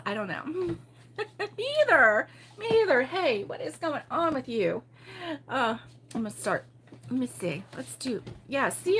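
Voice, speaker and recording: Grandma from baltimore chatting to her crochet viewers, bright voice, giggly, lots of ums. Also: on the high side, breathy edge. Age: older. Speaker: crochet show host. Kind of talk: casual livestream chat.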